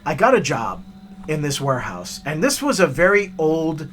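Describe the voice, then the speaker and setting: A man hosting a hiking vlog and telling stories in an animated, chatty way with many fillers. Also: on the high side, normal speed, slight background noise. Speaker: hiking vlogger. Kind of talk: storytelling narration.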